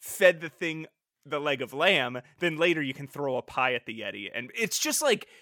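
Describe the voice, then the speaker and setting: A man co-hosting a podcast in casual chat, animated and laughing often as he acts out his reactions. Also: a little high, moderate pace, no room sound, clean studio sound. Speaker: podcast co-host.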